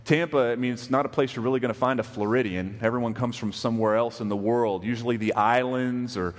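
Man, pastor, conversational sermon, mid pitch, long hall echo. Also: steady tone, fast talker. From West Texas. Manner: conversational, asks the congregation questions.

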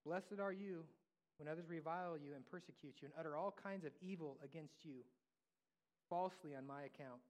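A man's voice: fairly high pitch, fairly quick. A man preaching a sermon as pastor, in a conversational style that acts out quoted voices. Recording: long hall reverb.

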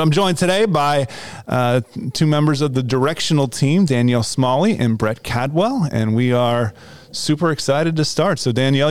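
A man, a pastor, hosting a church podcast in a relaxed, talkative way. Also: mid-range voice, clear, resonant tone, no room sound. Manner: relaxed, talkative, with frequent restarts. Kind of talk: casual chat.

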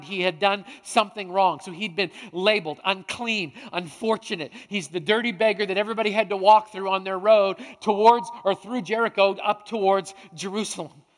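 High-voiced preacher in a reverberant hall. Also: male voice. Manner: dramatic, swings between hushed and loud. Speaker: pastor. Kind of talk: sermon.

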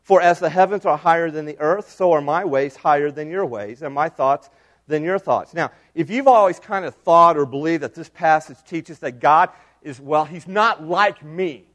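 High-voiced man preaching animatedly. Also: moderate pace. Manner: animated preaching, swings from loud to hushed. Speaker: pastor. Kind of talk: sermon.

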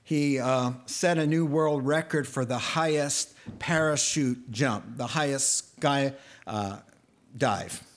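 A man preaching a sermon as a pastor, telling the story in a lively, conversational way and joking with his congregation. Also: slow pace. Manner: animated storytelling, voicing characters with a rising pitch.

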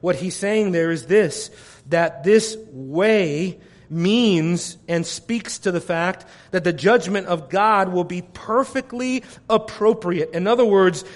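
Male pastor, high-pitched, fervent sermon delivery with sharp swings in loudness. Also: takes it slowly. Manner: impassioned preaching, swinging from loud declarations to hushed near-whispers.

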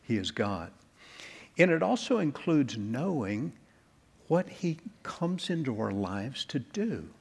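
A man preaching a sermon as pastor, measured and deliberate, slowing down to stress key words. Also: medium pitch, sing-song, gravelly, slightly rough.

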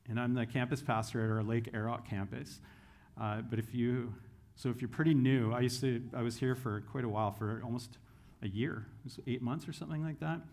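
A man's voice: mid-range voice, darkish tone. A man who is a campus pastor, preaching a sermon in a friendly, joking storyteller's manner.

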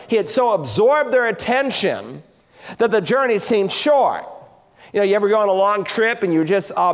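A man preaching a sermon as pastor, expressive, sinking low and quiet for tender passages. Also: in a large hall.

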